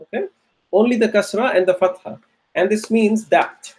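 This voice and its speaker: Teaching Arabic grammar online at a normal speed, this man has a high, somewhat mellow voice. He is patient and repeats points, checking in with students by saying "okay?"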